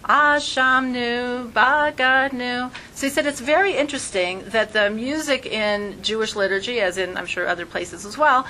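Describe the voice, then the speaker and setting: A woman teaching an informal class who talks in a lively way and acts out voices when she quotes people. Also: medium pitch, a little fast, few pauses, a little hiss or hum, rough recording.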